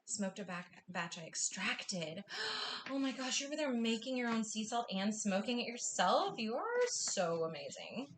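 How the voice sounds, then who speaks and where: A woman's voice: a little high, big pitch swings, moderate pace, hardly any pauses, a little hiss or hum. A young woman hosting a live cooking class, chatting with her viewers in an effusive, gushing way. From US Northwest. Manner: bubbly and effusive, gushing often.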